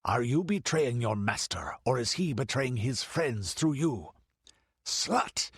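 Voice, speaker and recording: A man's voice: medium pitch, lively intonation, slow, slightly rough, no room sound, studio quality, pitched above the performer's own voice, exaggerated voice. A man doing a hissing wicked priest. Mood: furious. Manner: hissing, menacing. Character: wicked furious male priest.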